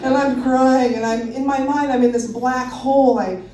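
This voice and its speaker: A woman in her thirties telling a personal story live on stage, animated and self-mocking, laughing often. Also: sits high, normal speed, slight background noise. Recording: roomy hall from a distance.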